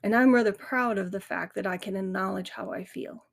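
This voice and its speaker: A woman's voice: mid-range voice, a little fast, vocal fry. A middle-aged woman hosting a grief podcast, talking candidly and earnestly in a reflective monologue. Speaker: podcast host. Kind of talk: casual monologue.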